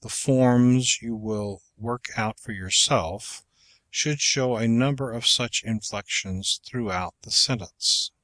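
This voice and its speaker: A male audiobook narrator reading an instructional text at an unhurried, careful pace. His voice sits in a middle pitch and sounds dry and close, with no room around it. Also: a bit bright, no room sound. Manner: measured, deliberate reading. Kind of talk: scripted narration of an instructional book.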